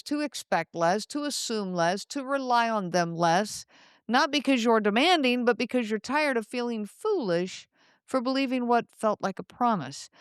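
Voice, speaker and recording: A woman hosting a solo podcast, speaking in a calm, reflective way and addressing the listener directly. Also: on the high side, smooth, no room sound, studio quality. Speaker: podcast host.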